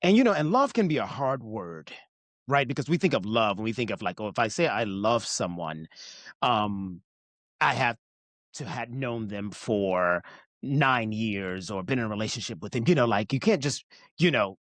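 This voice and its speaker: A man's voice: on the low side, moderate pace, dry recording. A man from Alabama, an actor, speaking earnestly and expressively in a casual interview. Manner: warm-hearted, expressive, earnest. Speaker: actor in a stage musical.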